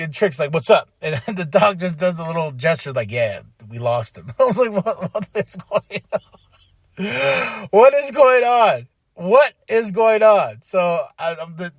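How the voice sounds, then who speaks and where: A man hosting a podcast, giving an excitable, casual recap full of fillers and acted-out quotes. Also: sits high, no echo, studio quality. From Flagstaff, Arizona. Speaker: podcast host.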